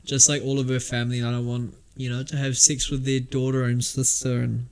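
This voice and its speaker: A young man co-hosting a casual podcast, trading deadpan crude jokes. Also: medium pitch, brisk, smooth. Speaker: podcast co-host. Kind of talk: casual banter.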